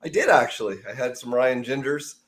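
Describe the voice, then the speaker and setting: A man from Canada co-hosting a podcast in casual chat, relaxed, with dry jokes. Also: mid-range voice, a little fast. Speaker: podcast co-host.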